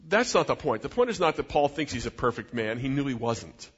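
A man's voice: medium pitch, lively intonation, quick pace, few pauses, a bit bright, husky. A middle-aged man preaching a sermon as a pastor, in an earnest, conversational way with personal asides. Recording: dull sound in a reverberant hall.

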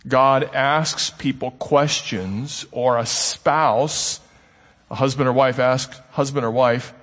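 A man's voice: medium pitch, a bit bright. A man preaching a sermon in a conversational way, posing rhetorical questions to his congregation. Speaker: pastor. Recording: long hall reverb.

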